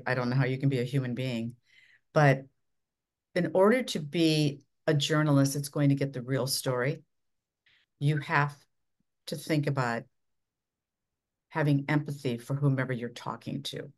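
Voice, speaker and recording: Low-voiced woman coaching with emphasis. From Minnesota. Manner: measured, instructive, dramatic swings of pitch and volume. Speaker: interview guest, leadership coach. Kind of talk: podcast interview.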